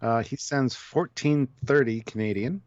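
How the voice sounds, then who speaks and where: A man's voice: mid-range voice, a little slow, darkish tone, no echo. A man co-hosting a live review stream, chatting casually and joking while he reads out viewer donations. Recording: dull, dry remote call audio.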